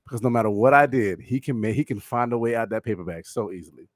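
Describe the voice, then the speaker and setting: A man's voice: mid-range voice, quick pace, no echo, studio quality. A man co-hosting a casual podcast, teasing his partner with sarcastic jabs and frequent laughter. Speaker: podcast co-host.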